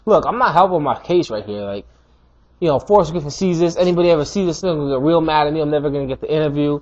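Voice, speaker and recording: A man giving a casual, animated fight review, full of slang and emphatic repetition. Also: fairly high pitch, quick pace, breathy edge. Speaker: MMA commentator. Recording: dull lo-fi recording.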